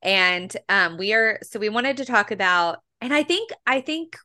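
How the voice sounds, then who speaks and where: A woman in her thirties co-hosting a podcast in casual chat, chatty and quick to laugh, with frequent fillers. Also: medium pitch, lively intonation, sharp tone. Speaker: podcast co-host.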